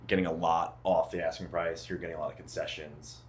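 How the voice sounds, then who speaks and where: A man, a real estate agent, talking about the market in a relaxed, matter-of-fact way. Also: low-pitched, fast. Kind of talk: casual chat. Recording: faint background noise.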